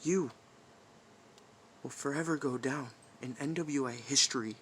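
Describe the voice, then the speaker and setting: A man cutting an in-character wrestling promo, taunting his rival with profane trash talk, swinging from shouts to hushed whispers. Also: mid-range voice, a little slow, long pauses, husky.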